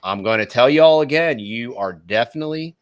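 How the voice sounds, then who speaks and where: A man's voice: mid-range voice, lively intonation, brisk, no room sound. A middle-aged Texan man with a Texan accent co-hosting a podcast in a rambling, folksy way. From Texas. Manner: rambling, folksy, lots of fillers. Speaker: podcast co-host. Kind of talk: casual podcast chat.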